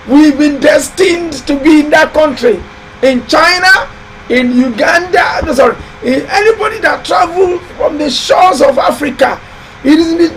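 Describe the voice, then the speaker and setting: Man, very high-pitched, loud and emphatic, preachy live-stream host, faint hiss behind. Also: rough recording. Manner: loud, emphatic, exhorting and repetitive. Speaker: host of a building advice live show. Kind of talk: live-stream motivational talk.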